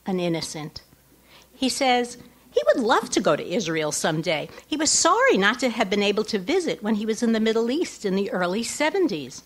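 A woman's voice: mid-range voice, a bit bright. Wry middle-aged woman reading her essay aloud. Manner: wry, laughs at her own asides. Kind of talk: live reading with asides to the audience. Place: lecture hall before an audience.

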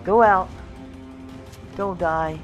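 A woman hosting a casual let's-play, chatting to the animals in her game in a coaxing, excitable way. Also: on the low side, very slow, highs cut off, faint music behind. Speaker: gaming channel host.

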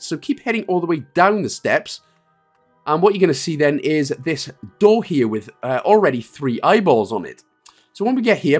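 A man with a Welsh accent hosts a game walkthrough, giving step-by-step instructions mixed with chatty, self-mocking jokes. His voice is on the high side with a breathy edge.

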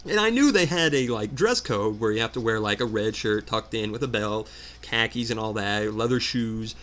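A man doing casual gameplay commentary, telling a story as an animated, exasperated rant. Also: lowish voice, normal speed. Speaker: let's player.

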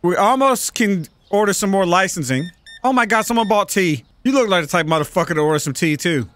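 A man's voice: sits high, animated, brisk, fairly bright tone. A man giving casual, profane let's-play commentary, joking and bantering with the shoppers in a store game. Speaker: gaming channel host.

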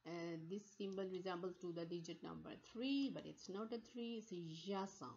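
A woman giving a phonetics lecture, repeating sounds slowly to demonstrate them, with frequent restarts. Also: lowish voice, gravelly, a little mellow, a little hiss or hum. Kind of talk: recorded online lecture. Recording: slightly dull lo-fi recording.

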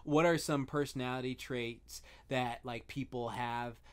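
A man's voice: mid-range voice, fairly even intonation, unhurried, smooth. A man co-hosting a casual podcast chat, talking loosely and laughing often. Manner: chatty, laughs often, slips into goofy voices. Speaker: podcast co-host.

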